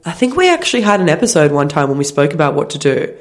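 A woman's voice: low voice, big pitch swings, rapid-fire. A woman podcast co-host with a nasal voice, chatting casually and giving advice, still getting over a cold. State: recovering from a cold. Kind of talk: casual chat.

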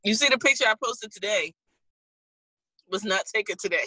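Co-hosting a casual chat, a woman tells stories animatedly and laughs a lot. Her mid-range voice moves at a moderate pace; there's no echo, but the audio quality is poor.

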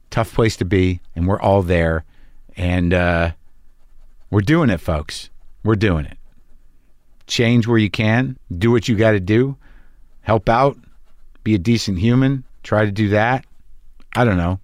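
A man's voice: fairly low pitch, moderate pace, long pauses, dry recording, clean studio sound. A man hosting a podcast, talking in a wry, anxious, profane ramble. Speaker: podcast host. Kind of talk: rambling casual monologue. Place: lives on the West Coast.

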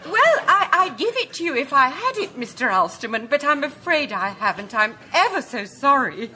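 A woman's voice: high voice, very animated, normal speed, noisy background. A woman playing a polite, flustered hostess in a comedy sketch, genteel and apologetic.

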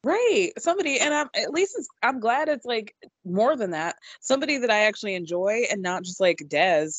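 A woman's voice: fairly high pitch, animated, brisk, husky, dry recording. A young adult woman co-hosting a podcast, recapping a reality show in casual, chatty talk with lots of ums and freely dropped swear words. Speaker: podcast co-host.

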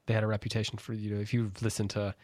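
A man's voice: lowish voice, monotone, very fast, darkish tone, no echo. A man hosting a casual book-club podcast, talking loosely with many restarts. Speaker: podcast host.

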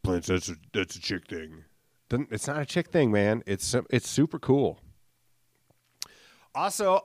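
A man in his late thirties hosts a solo podcast on a studio microphone, rambling casually with plenty of fillers, self-mocking jokes and swearing. His voice sits in the mid range, and the recording is studio quality with no echo.

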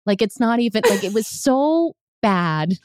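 A woman's voice: fairly high pitch, sing-song, a little mellow, clean tone, no echo, clean studio sound. A woman hosting a podcast, chatting casually with a guest and poking fun at herself. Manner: chatty, self-deprecating, quick to laugh. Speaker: podcast host. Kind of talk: casual interview chat.

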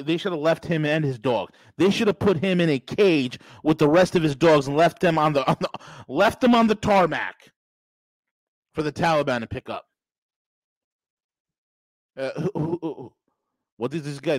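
A man's voice: fairly high pitch, no echo, low-quality recording. A man hosting a podcast, delivering a sarcastic, mocking political monologue with emphatic bursts. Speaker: podcast host.

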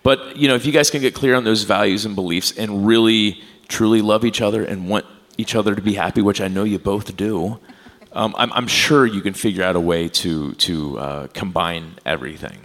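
A man's voice: lowish voice, normal speed, a bit bright. A man co-hosting a podcast at a live taping, telling a personal story in a candid, rambling way. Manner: candid, rambling with fillers and restarts. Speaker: podcast co-host.

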